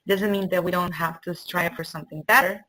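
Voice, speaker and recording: Casting: earnest woman host, lowish voice, emotional and warm-hearted chat. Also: fairly even intonation, fast talker, low-quality recording. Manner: earnest, emotional, laughs between sentences. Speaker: summit host. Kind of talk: casual interview chat.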